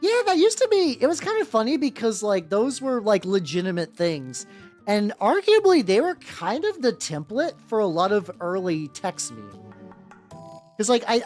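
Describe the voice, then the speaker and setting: A streamer from the United States chatting casually while painting miniatures, rambling and swearing often. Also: medium pitch. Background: faint background music.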